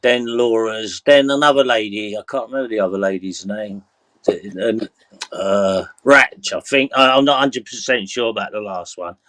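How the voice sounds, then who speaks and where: A man's voice: lowish voice, normal speed, a bit bright, no room sound. A man hosting a livestream, chatting casually and restarting his sentences as he tells a story. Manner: hesitant, restarts while telling a story. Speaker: stream host. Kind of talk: casual chat.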